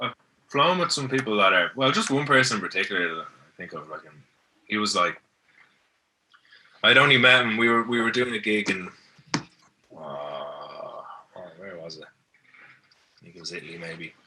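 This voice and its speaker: A man's voice: fairly low pitch, lively intonation, normal speed, long pauses, sharp tone, slight background noise. An Irish man on a podcast as a guest, telling stories in an easygoing, rambling way and often restarting. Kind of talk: casual chat, telling stories. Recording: mic at a distance.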